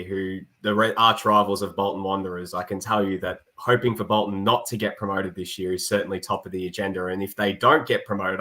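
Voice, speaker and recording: A man's voice: lowish voice, pushed and bright. A man in a casual podcast chat, rambling with hesitant phrasing. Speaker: podcast co-host.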